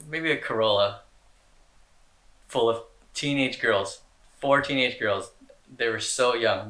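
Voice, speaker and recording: Slangy laid-back young man, bright voice. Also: medium pitch, roomy sound. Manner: laid-back, rambling, slangy with lots of "dude" and "like". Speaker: skate videographer answering fan questions. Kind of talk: casual chat.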